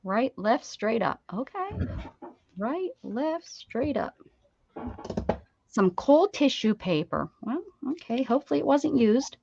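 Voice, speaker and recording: A bright-voiced woman hosts a craft livestream, chatting and joking as she sorts through her mail. She laughs often and talks in a loose, playful way. The stream audio is dull and lo-fi, with a faint hiss underneath. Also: on the high side, sing-song, slow, vocal fry. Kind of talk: casual chat while opening mail.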